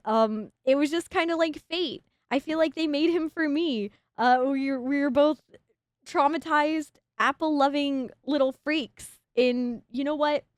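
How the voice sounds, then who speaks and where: A young woman streaming a game as a VTuber, talking to her chat in a giddy, rambling rush that keeps stumbling over itself. Her voice sits high, and the close microphone leaves it dry, with no room sound around it. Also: dry recording.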